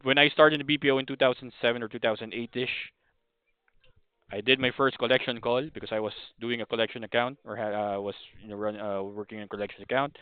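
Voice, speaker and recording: A podcast host with a Filipino accent talks through his opinions at a medium pitch, rambling, restarting and apologizing as he goes. His voice is smooth and clear but dry, with no room sound. It comes through a narrow, phone-like band. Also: fairly even intonation, fast talker, no room sound. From Philippines. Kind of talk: casual opinion monologue. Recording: thin phone-like audio.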